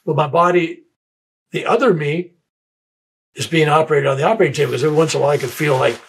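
An older man with a gravelly, fry-edged voice recounts his own extraordinary experience in a plain, unhurried way. He stumbles and repeats small words as he reaches for what he means, then carries on with the story. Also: on the high side, low-quality recording. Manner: halting, repeats words when searching for them. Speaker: interviewee. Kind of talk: personal storytelling.

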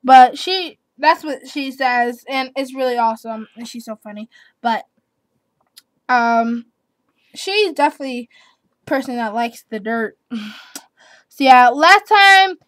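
A woman's voice: high-pitched, a little slow, pauses often, fairly bright tone, no echo. An eleven-year-old girl chatting casually on her vlog, giggly and rambling, repeating herself as she answers tag questions. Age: child, eleven. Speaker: vlogger.

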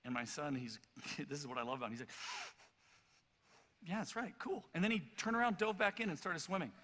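A man preaching a sermon as pastor, telling a story in an animated, loud way with many stammered restarts. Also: on the high side, racing. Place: church auditorium. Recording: reverberant church hall.

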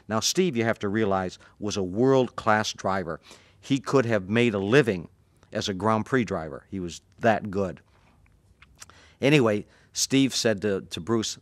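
Male martial arts teacher, lively anecdote teller, dry close recording. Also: fairly low pitch, measured pace, no room sound. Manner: animated, acts out the voices in his story. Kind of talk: anecdotal storytelling.

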